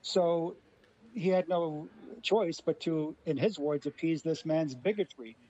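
Radio panel guest, man from LA, measured and explanatory, slightly high, dull lo-fi sound. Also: dark tone. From Los Angeles. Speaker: guest linguist.

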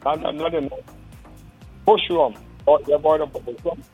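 A man with a husky, slightly high voice calls in to a radio talk show. He speaks haltingly, circling back and restarting his thoughts. The line is dull and lo-fi, with faint music behind him. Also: steady tone. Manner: halting, rambling, many restarts. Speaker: radio caller.

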